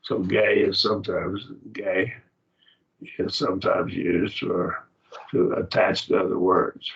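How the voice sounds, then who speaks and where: A man lectures to a class in a low, gravelly voice, walking through each point plainly and patiently. The recording is dull and lo-fi. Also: steady tone, takes it slowly. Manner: plain, explanatory, with fillers and restarts. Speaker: Bible class teacher.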